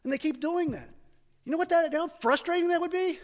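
A male pastor preaching a sermon in a church, animated and building to emphatic peaks. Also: very high voice, fairly quick, in a large hall.

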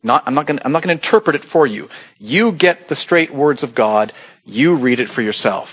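A man preaching a sermon as pastor, earnest and pleading, with sudden animated bursts. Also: medium pitch, brisk, husky, highs cut off. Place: church sanctuary.

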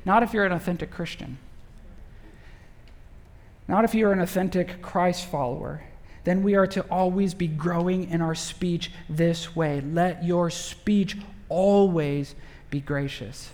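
A man's voice: sits high, a little slow, darkish tone, in a large hall. A male pastor preaching a sermon in a conversational way, full of rhetorical questions.

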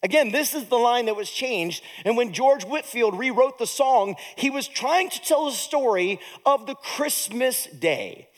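A man's voice: very high-pitched, animated, measured pace, hardly any pauses. A man pastor giving a sermon in a conversational way, with humorous, self-deprecating asides and a tired edge.

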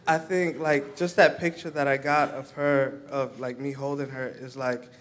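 Halting young man, flat tone. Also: medium pitch. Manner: halting, full of "um" and "like". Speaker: church member giving a testimony. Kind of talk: personal testimony to a church group.

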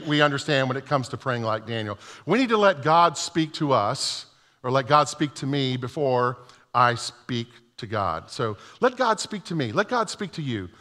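A man's voice: medium pitch, sharp tone. A man preaching a sermon as a pastor, telling self-deprecating humorous stories, heard with long reverb in a large church hall.

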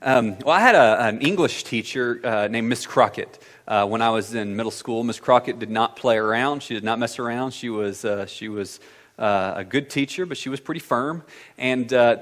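Man preaching in a reverberant hall. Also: medium pitch. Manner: conversational, anecdotal, many fillers and restarts. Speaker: pastor. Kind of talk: sermon.

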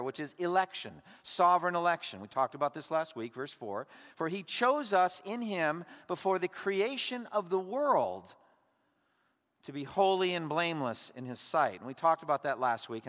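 Male pastor, lively sermon delivery, slightly high voice, emphatic then hushed, long hall reverb. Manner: expressive preaching, swinging between emphatic and hushed.

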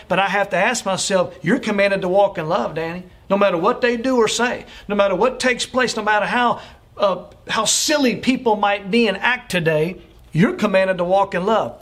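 A man's voice: high voice, fairly bright tone. A man preaching a sermon as a pastor, earnestly urging his listeners with repeated phrases and frequent fillers.

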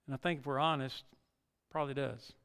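A man's voice: medium pitch, steady tone, a little fast, a bit bright, clean tone. A male pastor preaching a sermon, reading scripture dramatically and building to emphatic peaks. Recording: long reverb of a large hall.

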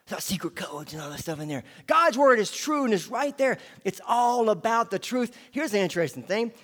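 A man preaching a sermon, swinging from hushed asides to loud, emphatic declarations. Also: high voice, sing-song, a little fast. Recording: long hall reverb.

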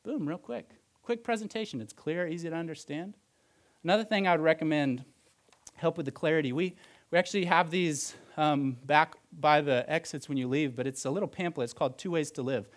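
Guy pastor preaching in church, kinda high voice, chatty and practical, lots of restarts. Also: brisk. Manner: conversational, practical, with frequent restarts. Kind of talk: sermon.

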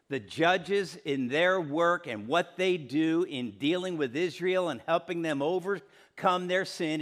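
A middle-aged male pastor delivers a sermon in a conversational style, frequently putting questions to the congregation. His voice sits a little high.

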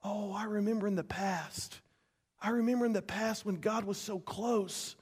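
A man preaching a sermon as pastor, dramatic, repeating words and swinging between loud passages and hushed ones. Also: high voice, fairly even intonation, normal speed, husky.

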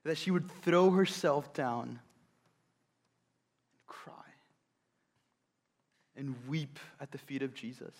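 A male preacher retelling a scripture story in an animated, conversational way, with rhetorical questions to the audience. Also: a little high, takes it slowly, long pauses. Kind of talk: sermon storytelling.

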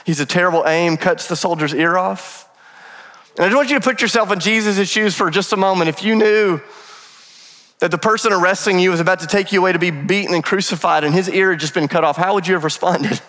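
Man, pastor, sermon, lively joking storyteller, fairly high voice, long echo of a big church hall. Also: quick pace. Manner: lively storytelling with humorous asides. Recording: long reverb of a large hall.

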